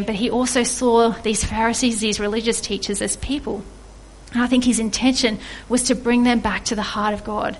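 Woman preacher, fairly high voice, earnest and reflective, faint noise behind. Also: rough recording. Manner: earnest, reflective, asks listeners questions. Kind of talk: devotional sermon.

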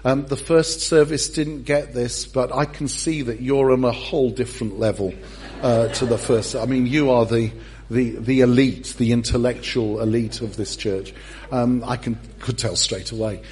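A man's voice: medium pitch, fairly even intonation, normal speed, a little mellow, slight background noise. A male pastor preaching a sermon, humorous and self-deprecating as he tells the story.

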